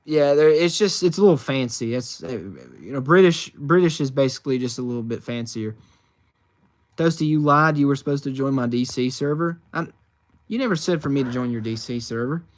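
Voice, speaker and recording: A man's voice: mid-range voice, a little fast. A man from the United States chats through a livestream on his phone, reading out viewers' questions. He rambles with plenty of fillers and restarts, in an ordinary mid-range voice. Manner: chatty and rambling, many fillers and restarts, reads chat questions aloud. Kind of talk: casual livestream chat.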